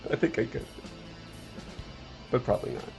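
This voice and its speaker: A man's voice: normal speed, over music. A man hosting a livestream, chatting casually and joking with viewers. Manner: joking, wry, talks to chat viewers. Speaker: livestream host, artist.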